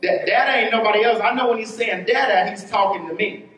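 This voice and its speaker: A man preaching a sermon as pastor, telling a story with quick bursts and drawn-out words. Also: sits high, a bit bright. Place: church sanctuary. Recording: roomy church hall, voice from a distance.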